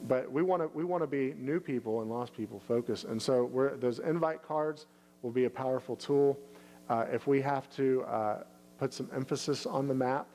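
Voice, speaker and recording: A man in the middle of the usual male pitch range, talking as a pastor at a Q&A. He stumbles and restarts often, then brightens into a lifted, upbeat tone when he acts out what people might say. A faint hum sits under the recording. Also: low-quality recording. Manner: halting, many restarts and fillers. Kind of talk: casual Q&A answer.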